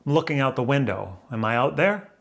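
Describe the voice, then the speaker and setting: Speaking fairly quickly, a man muses to the camera facing him from a spot by a window indoors. His mid-range voice is expressive, creaky, and a bit bright as he rambles and poses questions to himself.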